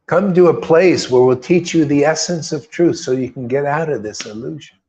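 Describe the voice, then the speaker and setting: With a fairly high voice at normal speed, a man preaches in a casual, fervent, rambling way; the tone is darkish and the highs are cut off. This spiritual teacher uses slang and imitates others mockingly in quoted voices.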